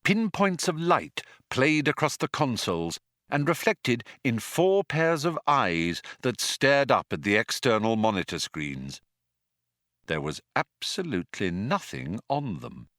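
A man narrates an audiobook slowly and deliberately, his pitch swooping widely for wry effect. The sound is close and completely dry, with no room around it. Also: very animated, fairly bright tone, no room sound.

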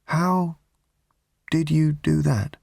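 A man voicing a nervous, bewildered young woman with a low, trembly voice. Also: fairly even intonation, extremely slow, vocal fry, a little mellow, no echo, clean studio sound, heavily acted.

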